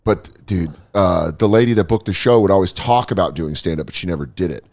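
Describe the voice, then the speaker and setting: A man's voice: low voice, fairly quick. A man in his thirties, a comedian telling a story in casual chat, acting out quotes and laughing as he goes. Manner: animated, acts out quotes, laughs mid-story.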